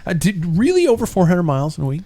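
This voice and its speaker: Brief: middle-aged male podcast host, lively up-and-down delivery, laughs easily. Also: sits high, fast. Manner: animated storyteller, laughs often, acts out quotes. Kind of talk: casual chat.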